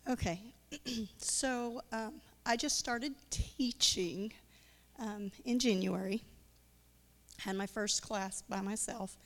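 A woman's voice: mid-range voice, takes it slowly, long reverb tail. A woman giving a testimony at church, hesitant and full of fillers.

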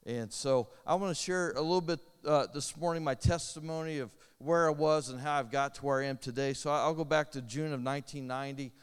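A man's voice: a little high, steady tone, fairly quick, hardly any pauses, clean tone. A middle-aged man from Indiana preaching, sharing his testimony in an earnest, urgent way. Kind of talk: sermon testimony. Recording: long reverb of a large hall.

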